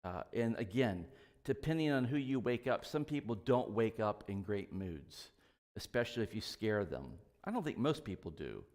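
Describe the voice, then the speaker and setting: A man's voice: lowish voice, sing-song, moderate pace, a little mellow. Folksy preaching man in a reverberant church. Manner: conversational, folksy preaching with asides and small jokes. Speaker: pastor. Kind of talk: sermon. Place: church sanctuary.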